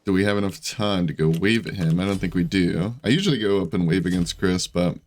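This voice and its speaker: A man's voice: low voice, brisk. A man giving casual gameplay commentary, chatty and self-deprecating as he thinks aloud about his moves. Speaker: gaming YouTuber.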